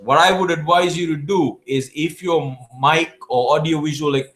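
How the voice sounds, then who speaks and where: A South Asian man, a public speaking champion, answers viewer questions in a live Q&A, giving emphatic coaching advice and often restarting his words. His voice is a little high and fairly bright, at normal speed. Soft music plays in the background.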